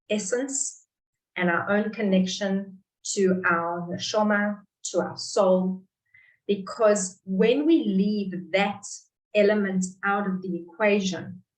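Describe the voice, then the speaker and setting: A middle-aged South African woman, a dietitian, explaining nutrition in an online class in a measured way, speaking over a video call. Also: medium pitch, echoey room, recorded from a distance, low-quality recording. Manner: explanatory, measured, talks to participants directly. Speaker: clinical dietitian presenter. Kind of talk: online webinar teaching. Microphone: computer mic on a video call.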